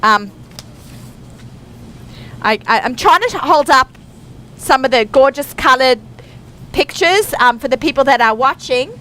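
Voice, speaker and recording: With a high, fairly bright voice and lively intonation, a middle-aged Australian radio host chats at a measured pace, leaving long pauses. She's bubbly and full of fillers, recorded live in a busy store where faint background noise can be heard.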